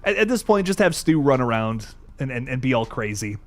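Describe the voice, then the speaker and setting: A man's voice: mid-range voice, big pitch swings, brisk. A young adult man hosting a live horror stream, chatting casually with frequent swearing and restarts, faint music underneath. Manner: laid-back, swears often, many restarts. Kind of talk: casual livestream chat.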